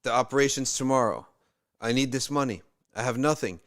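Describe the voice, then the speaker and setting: A man's voice: mid-range voice, brisk, lightly acted. A man voicing a desperate grown man praying for help. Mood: pleading. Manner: pleading, breaking into tears.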